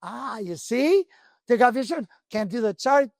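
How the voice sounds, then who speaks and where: A man's voice: very high voice, lively intonation, moderate pace, vocal fry, no room sound, clean studio sound, full character voice. A man doing sneering, taunting strangers at an inn. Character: two mocking men at an inn, scornful.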